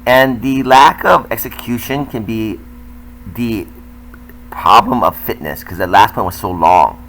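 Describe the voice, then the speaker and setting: A man's voice: fairly low pitch, measured pace, fairly bright tone, poor audio. An older man, a tennis coach, talking candidly and self-critically as he comments over footage of his own match.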